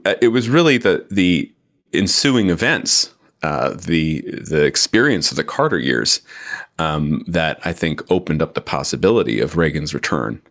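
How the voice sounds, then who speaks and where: Man, very low voice, author being interviewed, measured pace, lots of ums. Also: fairly bright tone. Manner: slow, deliberate, with frequent fillers. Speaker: author guest. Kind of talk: interview discussion.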